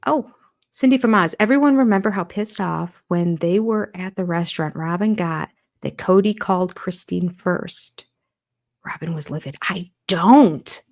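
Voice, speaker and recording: An older woman hosts a casual livestream in a slightly lowered voice. She chats freely and reacts aloud while reading out viewer comments and supporter names. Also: unhurried. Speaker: channel host.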